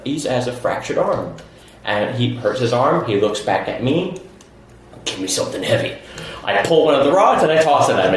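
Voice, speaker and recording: A man spins a long, rowdy story for friends on a podcast, acting out every line of dialogue and breaking into laughter. His voice leaps up and down in pitch. The recording sits in a very echoey room with a steady noise behind him. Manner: animated, laughing storyteller with acted-out quotes. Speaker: podcast host. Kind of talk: casual storytelling among friends.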